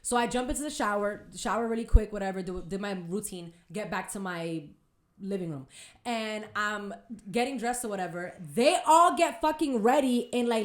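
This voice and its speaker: A young woman, hosting a podcast and telling a story in a casual, animated way, full of slang and swearing. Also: medium pitch, moderate pace, roomy sound. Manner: animated, swearing, slangy retelling with acted quotes. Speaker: podcast host.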